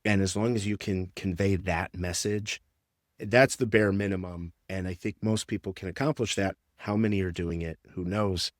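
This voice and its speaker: A man's voice: deep voice, fairly even intonation, normal speed, no echo, studio quality. A man who works as a strength and conditioning coach, explaining training in a casual podcast interview with lots of fillers.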